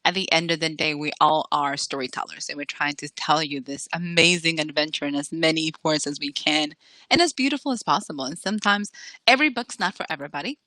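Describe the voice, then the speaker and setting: A woman author chatting in an interview, lively and acting out the people she quotes. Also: sits low, brisk, dry recording. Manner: animated, acts out quoted voices. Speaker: author guest. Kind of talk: casual interview chat.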